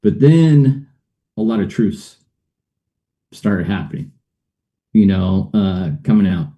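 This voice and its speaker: A man's voice: on the low side, animated, slow pace, warm tone. A middle-aged man, a guest on a show, telling a personal story in a rambling way, with many fillers and uneasy laughs.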